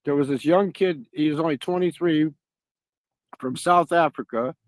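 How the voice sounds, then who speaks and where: A man's voice: a little high, normal speed, no room sound. A man hosting a stream, telling rambling, profane stories in casual chat. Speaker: stream host.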